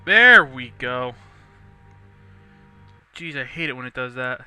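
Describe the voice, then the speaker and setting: A young man casually rambling through gameplay commentary, chatty and quick to laugh. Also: medium pitch, animated, sharp tone, smooth, soft background music. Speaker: let's play host.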